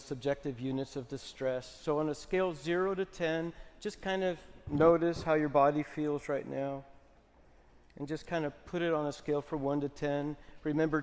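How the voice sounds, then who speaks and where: A man speaking at a conference, gently guiding the audience through relaxation and breathing before starting his talk. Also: a little high. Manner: soft coaxing instructions, rising to loud cheering. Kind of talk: guided relaxation and lecture. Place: large conference hall. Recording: long hall reverb.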